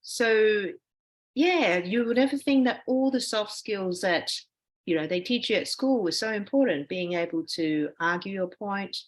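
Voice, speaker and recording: A woman professor as a podcast guest, giving reflective advice in a relaxed conversational way, often saying "you know". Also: medium pitch. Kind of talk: conversational interview answers.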